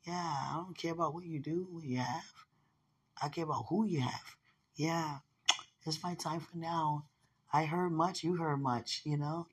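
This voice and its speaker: A woman with a slightly hoarse voice, speaking a tender, rambling personal message to someone she loves. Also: deep voice, measured pace. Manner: tender, rambling, with frequent "you know" and soft laughs. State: a little hoarse. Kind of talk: intimate spoken message to a loved one.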